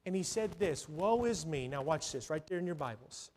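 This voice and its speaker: A middle-aged man preaching a sermon, telling stories and swinging between loud bursts and hushed, drawn-out lines. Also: a little high, lively intonation, a little hiss or hum. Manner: storytelling, swings from loud to hushed, dramatic pauses.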